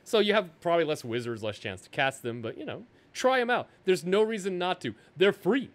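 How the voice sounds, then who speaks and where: Man, podcast co-host, lively pitch, jokey, rambling. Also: a little fast. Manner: jokey, rambling, self-deprecating. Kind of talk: casual gaming podcast chat.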